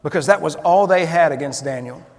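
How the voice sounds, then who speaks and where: A man's voice: a little high, a little fast, long reverb tail. A man preaching a sermon in a conversational way, asking his listeners questions.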